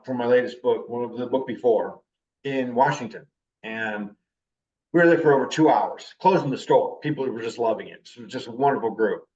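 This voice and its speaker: A man in his fifties teaching a class, his talk intense. His voice sits at an ordinary pitch. It was recorded from a distance on a dull, lo-fi recording. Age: 50s. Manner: intense, animated talker.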